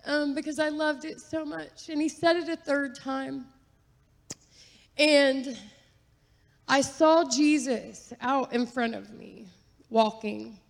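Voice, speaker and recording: A woman's voice: high voice, fairly even intonation, slow pace, vocal fry, long pauses. Earnest woman testifying in a reverberant hall. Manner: earnest, chatty, with fillers and soft laughs. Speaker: guest giving testimony. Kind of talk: personal testimony at church. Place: church sanctuary. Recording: long reverb of a large hall.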